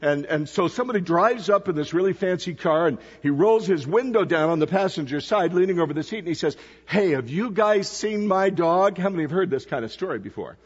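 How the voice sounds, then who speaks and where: A man's voice: on the high side, expressive, fast, few pauses, slightly rough, long reverb tail, muffled recording. A man preaching as a visiting pastor to a church congregation, telling stories and asking the people questions. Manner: storytelling, asks the congregation questions. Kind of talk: sermon. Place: church sanctuary.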